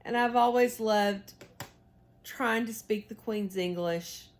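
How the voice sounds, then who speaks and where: Slow-talking Southern woman knitting. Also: medium pitch. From United States. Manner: rambling, folksy, chatty. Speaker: knitting vlogger. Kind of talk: casual chat while knitting.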